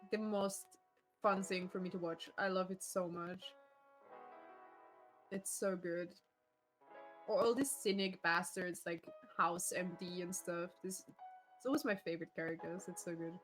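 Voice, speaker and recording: A woman's voice: mid-range voice, low-quality recording. Laughing, swearing woman streamer at home. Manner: laughs often, animated storytelling, swears freely. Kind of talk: casual stream chat.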